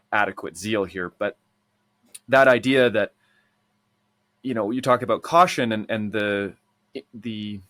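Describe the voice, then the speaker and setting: A man hosting a podcast, talking in a measured and articulate way with careful qualifications. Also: lowish voice, fairly bright tone, no echo. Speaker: podcast host. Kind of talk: casual conversational interview.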